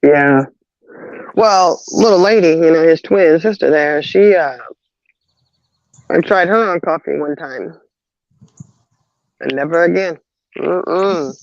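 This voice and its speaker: A woman's voice: low voice, takes it slowly, pauses often, darkish tone, no echo. A woman hosting a casual livestream chat, telling stories with frequent laughter. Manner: chatty storyteller, laughs often. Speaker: host of a live chat show. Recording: dull lo-fi dry sound.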